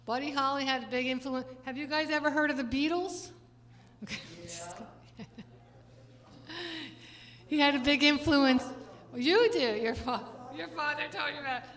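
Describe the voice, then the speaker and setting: An older woman musician chatting with her audience between songs at a concert, rambling through anecdotes with quick laughs. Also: high voice, fairly bright tone. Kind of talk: stage banter between songs. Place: large church venue. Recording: live concert hall with long reverb and instrument.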